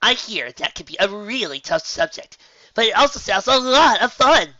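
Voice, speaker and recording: A reader voicing an excitable young unicorn filly, loud and bubbly. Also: medium pitch, moderate pace, no room sound, dull audio, voice pushed up. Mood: excited.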